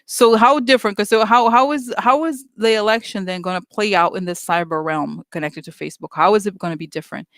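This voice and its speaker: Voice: medium pitch, fairly quick, few pauses, a bit bright, no echo. A vlogger ranting casually and with exasperation to viewers, talking in loose runs full of fillers and restarts. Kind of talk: casual opinion rant to viewers.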